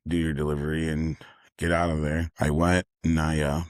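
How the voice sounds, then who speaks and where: A young man with a very low voice recounts a personal story in a casual, rambling way. His delivery stays even and level, and he keeps circling back to repeat himself. The sound is dry and close. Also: moderate pace, no echo. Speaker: delivery driver.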